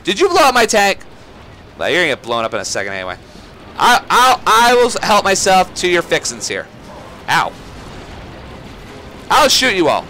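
A man giving let's play commentary on a shooter game, excitable, swearing and yelling at enemies. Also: high voice, normal speed, long pauses, slight background noise. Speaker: gaming YouTuber.

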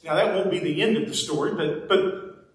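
Preacher, high-pitched man, folksy and chatty, heard from a distance in a very echoey church. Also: moderate pace. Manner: folksy, conversational preaching with playful asides. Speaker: pastor. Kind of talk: sermon. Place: church sanctuary.

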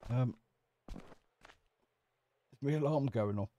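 The recording is muffled, and the man's mellow, medium-pitched voice takes things slowly. As a gameplay commentator in a casual survival-game let's-play, he chats cheekily and kids around with the characters he meets.

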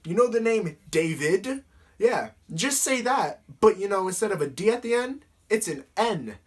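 A man's voice: high-pitched, expressive, moderate pace, husky. A teenage boy answering fan questions in a casual vlog, talking bluntly with plenty of swearing and fillers.

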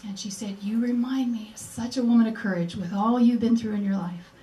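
Fairly quick and warm, with a slightly high, steady voice, an older woman gives a heartfelt personal speech at a memorial event. She re-enacts remembered conversations as she recounts her story in a museum presentation room. Sound is echoey, from a mic at a distance.

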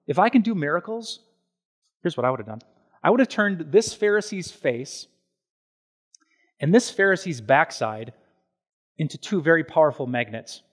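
Animated male pastor preaching. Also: a little high, slightly rough. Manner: animated and conversational, with everyday examples and quick asides. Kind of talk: sermon.

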